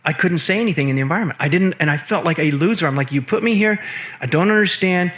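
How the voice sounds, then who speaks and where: A man's voice: a little high, fast talker. A man telling stories from his career as a guest in an interview, acting out the voices of people he quotes. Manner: animated, acts out quoted voices. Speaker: guest, film producer and assistant director. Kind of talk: storytelling interview talk.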